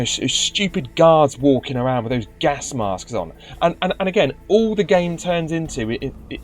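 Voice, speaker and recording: A man giving casual gameplay commentary, grumbling and sarcastic, with stumbling restarts. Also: medium pitch. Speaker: let's play commentator.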